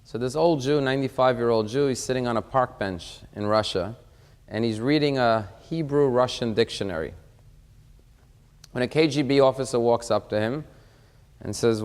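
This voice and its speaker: A man delivers a sermon as a rabbi, opening with a joke in a wry, easygoing storyteller's manner. His voice sits at an ordinary middle pitch. A long hall reverb trails after his words. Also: moderate pace, a little mellow.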